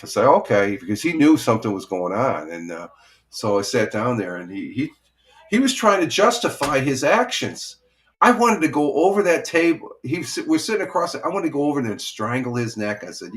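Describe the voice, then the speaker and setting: A man's voice: mid-range voice, expressive, normal speed. A middle-aged man hosting a casual morning chat stream, rambling with many restarts and greeting viewers by name. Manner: rambling, restarts a lot, chuckles. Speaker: live stream host.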